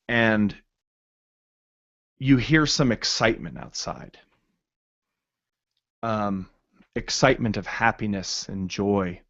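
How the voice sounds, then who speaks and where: A man narrating a tabletop game as game master, in a halting way with many fillers. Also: lowish voice, no echo, muffled recording.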